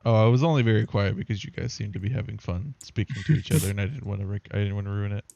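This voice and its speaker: A man's voice: lowish voice, rapid-fire, gravelly, a little mellow, dry recording, dull audio. A man on a casual podcast with friends, trading crude, self-deprecating banter. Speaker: podcast co-host. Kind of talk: casual chat among friends.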